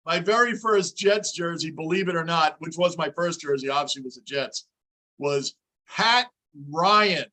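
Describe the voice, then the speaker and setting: High, bright-voiced male fan host. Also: moderate pace. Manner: animated, chatty, reads viewer comments aloud. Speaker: livestream host. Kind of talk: casual fan reaction chat.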